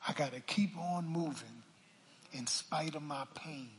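An older man preaching a sermon from the pulpit, calling for a witness and swinging from hushed asides to shouts. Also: on the high side, unhurried. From Philadelphia. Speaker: pastor. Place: church sanctuary. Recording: church hall reverb.

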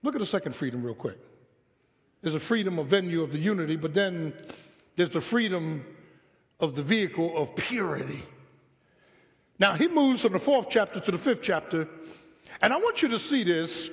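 High, lively preacher in a hall. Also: male voice, normal speed, pauses often. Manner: call-and-response preaching, rising to shouts. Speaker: pastor. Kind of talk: sermon. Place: church sanctuary. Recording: muffled live audio in a hall.

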